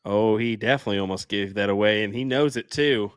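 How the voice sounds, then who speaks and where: A young man co-commentating on darts in a casual, measured and analytical way, with frequent fillers. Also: lowish voice, smooth, dry recording, studio quality.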